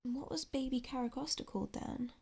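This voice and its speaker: A young English woman speaking softly in ASMR style, murmuring to herself as she tries to recall names. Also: high-pitched, fairly even intonation, brisk, gravelly, breathy edge. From England. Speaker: ASMR creator. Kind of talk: soft-spoken ASMR.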